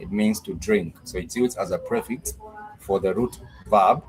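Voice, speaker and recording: A man teaching a live-streamed language class, patiently repeating phrases for drilling and pausing with frequent fillers. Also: lowish voice, soft background music, poor audio.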